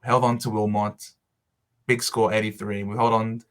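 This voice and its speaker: A man in an excited, over-the-top emotional vlog monologue, with shouts and dramatic pauses. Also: lowish voice. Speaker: fantasy football vlogger.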